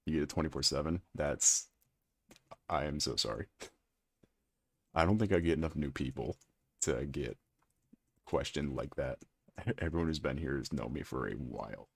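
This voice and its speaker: Brief: male streamer, rumbling ultra-low voice, husky and gravelly, dry close sound, casual teasing chat. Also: moderate pace, pauses often. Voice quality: extremely deep gravelly voice. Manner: chatty, teasing, reads and answers chat aloud. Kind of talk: casual live-stream chat while playing.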